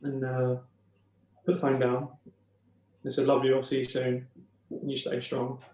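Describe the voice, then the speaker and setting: Podcast guest, young man; flat, halting, emotional storytelling in a roomy space. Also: medium pitch. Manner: halting, emotional retelling with many restarts. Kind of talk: personal storytelling.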